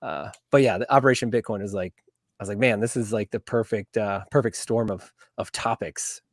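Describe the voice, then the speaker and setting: A man's voice: fairly low pitch, steady tone, fairly quick, no echo, clean studio sound. A man in his thirties, a veteran guest on a podcast, talking in an easygoing way with lots of "like" and "um". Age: 30s. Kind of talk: casual chat.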